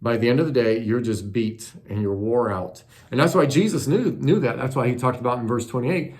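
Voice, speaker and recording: A man's voice: mid-range voice, moderate pace, a little mellow. A man preaching a sermon in an earnest, conversational teaching manner, asking his listeners questions. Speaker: pastor.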